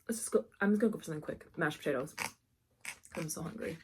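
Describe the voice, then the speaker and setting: A woman hosting an eating vlog, talking softly and giddily between bites, recorded close to the mic. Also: low voice, fast, husky. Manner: soft-spoken, giddy and appreciative between bites. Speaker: mukbang host. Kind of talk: casual eating vlog with soft asides. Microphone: close mic picking up eating sounds.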